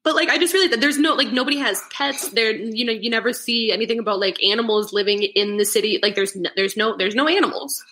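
A young adult woman, a podcast guest in casual chat, animated and giggly, with lots of fillers. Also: fairly high pitch, quick pace, hardly any pauses.

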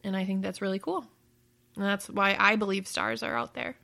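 A woman's voice: medium pitch, steady tone, normal speed, creaky, sharp tone. Playful woman hosting a family chat. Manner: playful, upbeat, laughs easily. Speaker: host asking a child questions.

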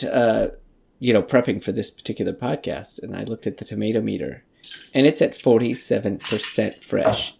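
A man's voice: lowish voice, creaky, husky. A man hosting a podcast, ranting profanely in casual movie review chat. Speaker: podcast host.

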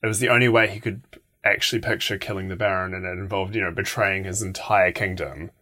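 Low-voiced man trading dry jokes. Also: fairly even intonation, quick pace, bright, forceful tone. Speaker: podcast co-host. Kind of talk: casual film discussion podcast.

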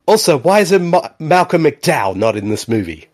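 Man, podcast co-host, middle-pitched, animated delivery, giggly and excitable movie chat. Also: normal speed. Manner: laughs often, excitable and chatty. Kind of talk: casual movie riffing chat.

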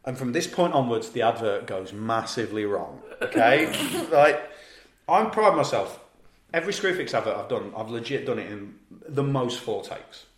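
A man with an East Midlands accent, from Leicester, co-hosting a podcast and telling a long anecdote in a lively, laughing way, with the odd swear. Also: medium pitch, moderate pace, roomy sound. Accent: East Midlands English. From Leicester, England. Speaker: podcast co-host. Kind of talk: casual storytelling chat.

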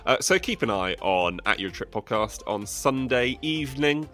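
A man's voice: medium pitch, lively intonation, normal speed, a bit bright, soft background music. A man co-hosting a podcast in casual chat, rambling and self-mocking. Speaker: podcast co-host.

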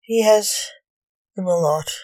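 A woman's voice: mid-range voice, takes it slowly, dark tone, no echo, low-quality recording. Woman voicing a nervous grey alien wife.

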